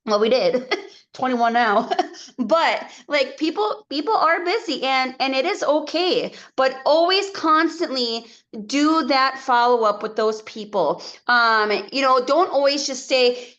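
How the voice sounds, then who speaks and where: Woman team leader on a video call; encouraging, chatty, fairly high pitch. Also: lively intonation, fairly bright tone, lo-fi sound. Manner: chatty, encouraging, quick asides.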